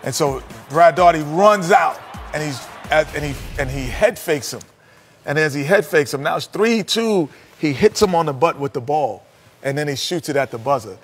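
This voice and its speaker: A man casually retelling a story he was told, in a lively way that builds as it goes. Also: on the high side, moderate pace, breathy edge, faint music behind. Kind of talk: casual anecdote telling.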